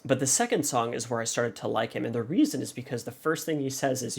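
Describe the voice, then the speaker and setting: A man hosting a reaction video, working through a song in casual analysis. He thinks aloud hesitantly, with many pauses and fillers. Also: medium pitch, creaky, breathy edge.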